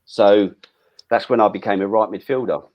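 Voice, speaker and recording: A middle-aged man recounting his playing days in a relaxed, rambling way. His voice sits a little low, and he trips over restarts and drops the odd swear word. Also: moderate pace, lo-fi sound. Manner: chatty, frequent restarts and "um"s, swears casually. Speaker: former footballer guest. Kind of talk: casual interview storytelling.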